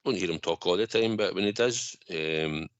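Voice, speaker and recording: A Scottish man calling in to a fan radio show, talking in a measured way with many fillers. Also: deep voice, no room sound, lo-fi sound. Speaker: caller. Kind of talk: phone-in chat.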